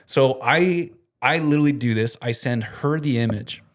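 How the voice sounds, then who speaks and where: A man in a relaxed podcast chat who tells a story with lots of energy. His voice sits at an ordinary middle pitch and keeps bouncing along with his laughter. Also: moderate pace. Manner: animated, laughs while telling a prank story. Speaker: podcast co-host and company staff member.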